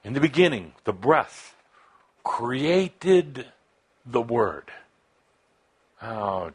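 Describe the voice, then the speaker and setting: Slow husky man urging an audience. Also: fairly low pitch. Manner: emphatic, swings from soft musing to passionate urging; speaks in short broken phrases with long pauses. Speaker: spiritual teacher addressing a live audience. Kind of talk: channeled spiritual talk to a gathering.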